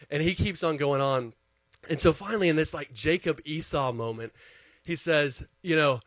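A man preaching a conversational sermon, an animated storyteller who pokes fun at himself before turning to scripture. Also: a little high, a little fast, no room sound. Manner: self-deprecating, animated storyteller. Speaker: pastor.

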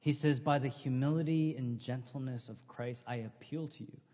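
A middle-aged man preaching a sermon in a relaxed, conversational way, telling funny stories and acting out what people said. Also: medium pitch, normal speed, in a large hall. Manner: conversational, humorous storytelling with acted quotes. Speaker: pastor.

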